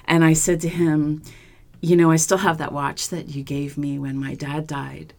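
Woman guest, low voice, animated storyteller who does the voices of the people she quotes. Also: normal speed, vocal fry. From Philadelphia. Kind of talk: casual storytelling.

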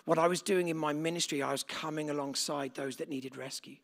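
Gravelly man preaching. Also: fairly high pitch, fairly even intonation, brisk. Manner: conversational, asks the congregation questions. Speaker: pastor. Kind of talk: sermon. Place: church gathering with live congregation.

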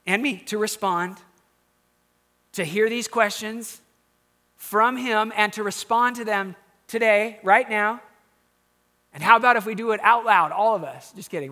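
Bright, high-voiced man preaching conversationally. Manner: conversational preaching, dropping to quiet asides and rising to emphatic questions. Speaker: pastor. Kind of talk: sermon.

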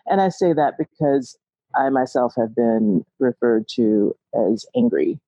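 A man co-hosting a podcast speaks in a gravelly, husky, mellow voice. He is animated, laughs often, and acts out quotes. The sound is dry, close, and lo-fi. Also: mid-range voice, unhurried, dry recording. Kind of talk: podcast interview conversation.

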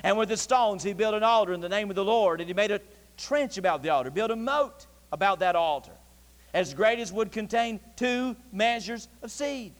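High-voiced folksy preacher in a reverberant church. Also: male voice, moderate pace. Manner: folksy, animated storytelling with Southern dialect. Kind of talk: sermon. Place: church sanctuary.

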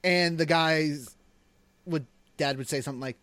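A man's voice: fairly high pitch, normal speed, a bit bright, dry recording. A man who teaches school, co-hosting a podcast and telling a rambling story in casual chat. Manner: rambling, hedging with many fillers.

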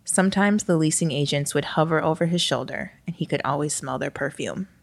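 A woman narrating a scripted story in a wry, lightly expressive reading voice. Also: sits low, brisk, vocal fry, dry recording.

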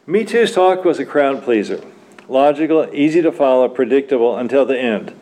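A man's voice: mid-range voice, lively intonation, moderate pace, dark tone. A man reading his own story aloud at a church literary evening, wry and chuckling at his own lines.

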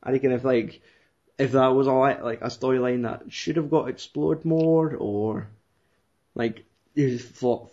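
A man's voice: mid-range voice, fairly even intonation, unhurried, a little mellow. A young man rambling, swearing and laughing as he retells a film in casual chat. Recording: dull lo-fi recording.

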